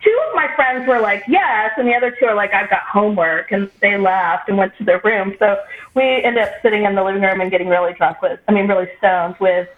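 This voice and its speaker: A woman co-hosting a podcast, telling a story in casual chat and quoting people in lively voices. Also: medium pitch, brisk. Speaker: podcast co-host. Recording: echoey room over a tinny phone-like line with faint noise.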